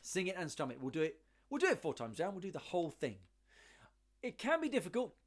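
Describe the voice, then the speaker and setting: A man teaching a ukulele lesson, encouraging, counting beats aloud and singing along. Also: fairly high pitch. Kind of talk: online music lesson.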